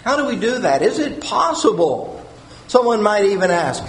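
Man, pastor, sermon, high voice, earnest, asks questions, roomy echo. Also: sing-song, moderate pace. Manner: earnest, repeats key phrases, asks the listeners questions.

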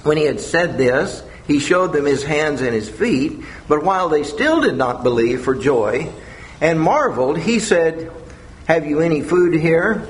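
Brief: male Bible teacher, conversational and animated, somewhat high voice. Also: measured pace, a little hiss or hum. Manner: conversational, with lively retelling. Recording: echoey room.

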